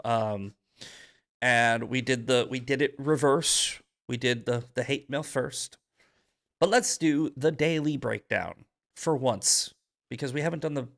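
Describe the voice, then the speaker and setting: A man's voice: medium pitch, vocal fry, a bit bright. A male podcast host giving heated, profane commentary in an angry ranting manner.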